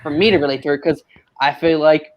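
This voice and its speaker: A man's voice: a little high, steady tone, fast. A man on a live-stream panel speaking earnestly, often checking in with "right?" and "you know". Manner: earnest, keeps asking "right?". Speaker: panel guest. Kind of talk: casual live-stream debate.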